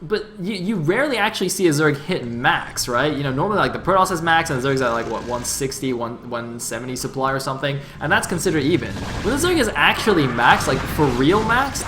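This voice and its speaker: Analytical male caster, high voice, very fast talk, music clearly under him. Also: animated. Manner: analytical, gets loud in fights. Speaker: esports caster. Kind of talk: live game commentary.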